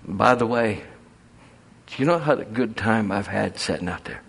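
A man preaching a folksy, animated sermon full of storytelling and chuckles. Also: lowish voice, unhurried, creaky, breathy edge.

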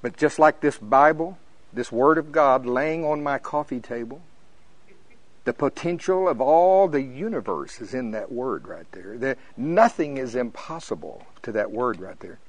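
An older man from Oklahoma preaching with fervor, his voice jumping high and loud in the storytelling parts. The sound is dry and close, with no room around it. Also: unhurried, no room sound, rough recording. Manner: fervent, preachy, rising to high excited peaks when telling stories. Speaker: pastor. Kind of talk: sermon.

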